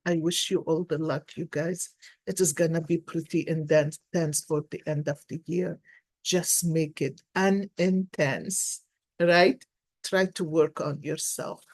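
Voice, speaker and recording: A woman's voice: low voice, steady tone, unhurried, a little mellow. A woman in her sixties giving a casual card reading, telling stories earnestly with many restarts. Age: 60s. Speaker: tarot card reader and life coach.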